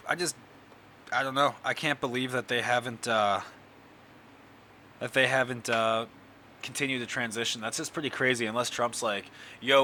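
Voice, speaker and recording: A man's voice: mid-range voice, pushed and bright, slight background noise. A young man hosting a comedy show at home, talking to camera in a rambling, profane, sarcastic monologue. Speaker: comedian host. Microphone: camera recording.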